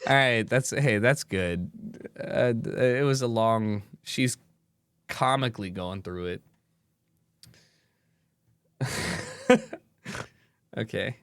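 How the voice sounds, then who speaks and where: A man streaming casually, reacting out loud with swearing and frequent laughter. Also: lowish voice, extremely slow, pauses often, clear, resonant tone, dry recording. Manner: animated, swearing, laughing often.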